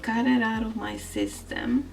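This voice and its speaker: A woman chatting casually and self-deprecatingly while coloring, talking softly toward a camera mounted overhead. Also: a little high, big pitch swings, measured pace. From grew up in the Netherlands from age thirteen. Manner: self-deprecating, rambling, laughs often. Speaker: art vlogger. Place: indoors at a desk. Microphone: camera overhead, some distance away. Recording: distant camera mic with music behind. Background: soft background music.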